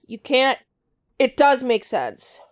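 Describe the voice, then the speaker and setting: A woman's voice: high-pitched, slow pace. A young woman co-hosting a podcast, chatting casually, swearing and joking. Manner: profane, joking, animated. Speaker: podcast co-host. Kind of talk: casual chat.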